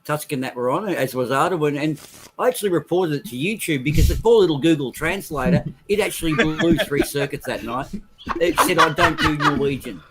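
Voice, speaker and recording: A man joking wryly in a casual chat, his voice a little high. Steady noise sits behind him throughout. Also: fairly quick. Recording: clear background noise.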